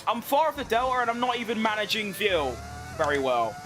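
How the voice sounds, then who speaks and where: A young man with a high-pitched voice chats through his racing game session, teasing himself and restarting sentences as he goes. Engine and game noise run loudly under his voice. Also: very animated, fairly quick. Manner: chatty, self-mocking, restarts often. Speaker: gaming video creator. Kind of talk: casual commentary over gameplay.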